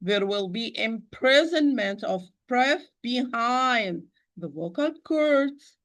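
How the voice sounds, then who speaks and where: A woman's voice: on the high side, animated, slow pace. A woman teaching Quran recitation in an online lesson, patiently repeating points and addressing her listeners as dear sister.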